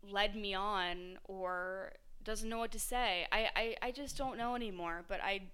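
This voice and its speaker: A woman's voice: medium pitch, a little slow, bright, forceful tone, smooth. A young woman hosting a podcast, telling a story in a casual monologue, swearing freely and acting out both sides of the conversation. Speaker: podcast host.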